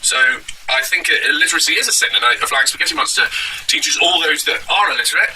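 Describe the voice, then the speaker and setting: A man delivering a deadpan satirical monologue at home, rambling and halting with many fillers. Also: fairly high pitch, recorded from a distance, a little hiss or hum, poor audio. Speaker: comedic vlogger in character.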